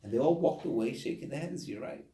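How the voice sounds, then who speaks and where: A man, a rabbi, teaching a study group in an animated way, acting out the voices of the people he talks about. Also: medium pitch, quick pace, reverberant, slight background noise.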